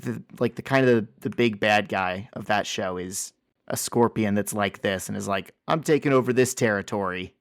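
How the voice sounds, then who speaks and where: A male podcast co-host with a somewhat low voice, chatting casually and reacting with relaxed enthusiasm. He is recorded close to the mic in a dry sound. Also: normal speed, gravelly, dry recording.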